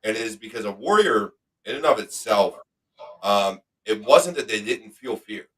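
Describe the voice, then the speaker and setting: Guy hosting a podcast, low-ish bright voice, pumped up and swearing, a bit far from the mic. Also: animated, moderate pace. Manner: emphatic, motivational, swears freely. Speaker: podcast host. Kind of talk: casual chat.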